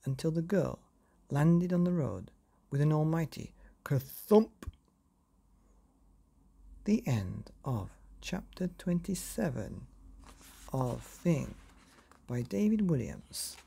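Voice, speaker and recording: A man hosting a bedtime story podcast, reading a children's chapter gently and playfully, with sound effects. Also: on the high side, gravelly, husky.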